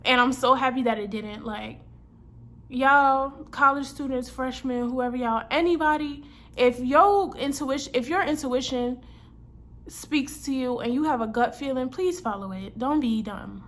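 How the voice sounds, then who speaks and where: A woman's voice: high voice, a little slow. Chatty young woman telling a storytime. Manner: chatty, animated, slangy, quotes herself and others in the story. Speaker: vlogger. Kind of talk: casual storytime vlog.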